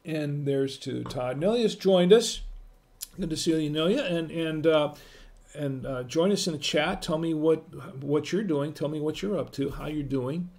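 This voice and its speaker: A man's voice: a little high, a little slow, a little mellow. A middle-aged man hosting a casual live-stream wine tasting, chatting with viewers in the chat and greeting them by name.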